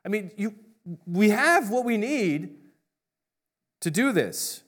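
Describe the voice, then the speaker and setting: A middle-aged male pastor giving a sermon in a conversational, joking storytelling manner, with quick voiced asides for the people in his stories. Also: sits high, very animated, a bit bright.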